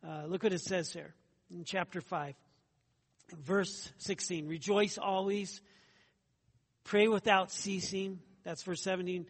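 A man with a high-pitched voice preaches an earnest sermon. He talks in a conversational way, repeating phrases and adding asides to the congregation. His voice rings with a long reverb, as in a church hall. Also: steady tone, a little slow, pauses often. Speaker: pastor.

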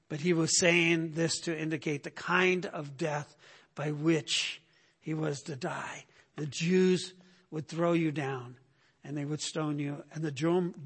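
A man's voice: fairly high pitch, a bit bright, slightly rough. A man preaching a sermon in a conversational way, often asking "right?" and acting out the people he quotes. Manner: acts out quoted speakers in raised voice. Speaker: pastor.

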